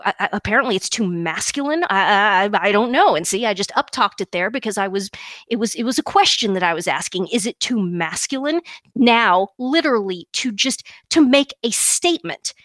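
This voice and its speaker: A woman's voice: on the high side, a bit bright, no room sound. A woman co-hosting a podcast, ranting indignantly and emphatically, often restarting and repeating words. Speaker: podcast co-host. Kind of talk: opinionated podcast rant.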